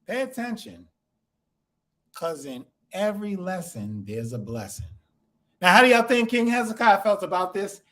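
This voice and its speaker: Male Bible teacher, high voice, very expressive pitch, questions the class, acts out scripture. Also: normal speed. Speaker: congregation teacher. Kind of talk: interactive scripture lesson.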